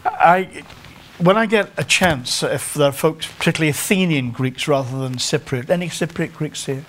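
A man's voice: fairly high pitch, normal speed, fairly bright tone. A middle-aged man with a North Staffordshire English accent preaching a sermon in a conversational, self-deprecating way, often stopping to restart his phrases.

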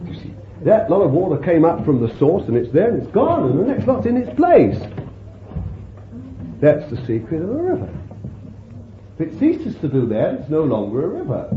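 A man preaching a sermon in an unhurried way, often chuckling as he explains. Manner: slow, unhurried preaching with lively pitch and warm chuckles. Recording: roomy, tinny phone-like sound with faint hiss.

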